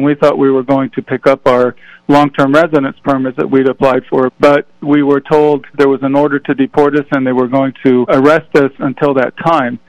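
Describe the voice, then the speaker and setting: A man missionary pastor answering interview questions in a calm, explanatory way. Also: on the high side, dry recording, low-quality recording. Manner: calm, explanatory, matter-of-fact.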